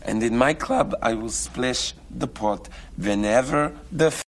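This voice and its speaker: An actor in a film playing a menacing card-club boss with an over-the-top Russian accent. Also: male voice, mid-range voice, unhurried, close to an everyday voice. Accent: exaggerated Russian.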